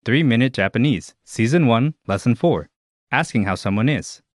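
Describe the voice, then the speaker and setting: A man narrating a scripted language lesson in a clear, measured way. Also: mid-range voice, expressive, no room sound. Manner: clear, measured instructional delivery.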